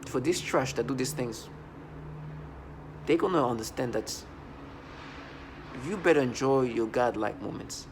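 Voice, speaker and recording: A man's voice: medium pitch, expressive, slight background noise. A man talking to camera in a personal video monologue, earnest and agitated, often breaking off words and restarting. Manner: halting, with frequent restarts and broken-off words. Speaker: vlogger.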